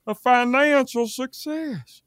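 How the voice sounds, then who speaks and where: A flustered, eager man improvising a scene with a high voice. He stammers and restarts often. His tone is bright, and the sound is dry and close. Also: slow pace, clean tone, no echo. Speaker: improv performer, restaurant worker.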